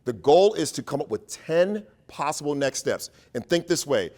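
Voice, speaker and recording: Male educator running a workshop, animated comic storyteller, voice sitting a bit high. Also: moderate pace. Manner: playful, animated, joking with the crowd. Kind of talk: storytelling talk to an audience.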